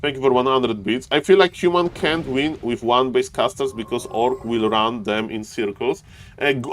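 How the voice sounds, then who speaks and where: A man casting a live strategy game match on his stream, talking fast to chat and jumping into high-pitched shouts when big plays happen. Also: animated. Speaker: esports caster and streamer.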